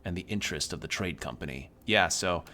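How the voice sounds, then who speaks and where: Deep-voiced guy streaming a game, reads the text out, yells now and then. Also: lively intonation, fairly quick. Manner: reads narration evenly, with sudden loud outbursts. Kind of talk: reading game text aloud while playing.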